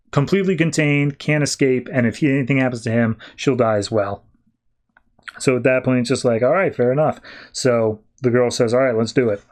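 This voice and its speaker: A man, hosting a podcast, casually recapping a comic with quick, animated character voices. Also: mid-range voice. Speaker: podcast host.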